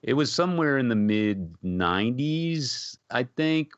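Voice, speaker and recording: A man's voice: medium pitch, lively intonation, measured pace, no echo. A man co-hosting a podcast, asking questions and chatting about music in an easygoing way with many fillers. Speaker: podcast co-host. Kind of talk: casual music chat. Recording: dry, slightly dull podcast audio.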